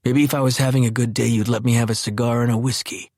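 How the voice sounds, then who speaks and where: A man's voice: mid-range voice, steady tone, fast, gravelly, a little mellow, no echo, pitched above the performer's own voice. A man voicing a frail old man near death, genteel and wry, in a dry, knowing manner. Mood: wistful.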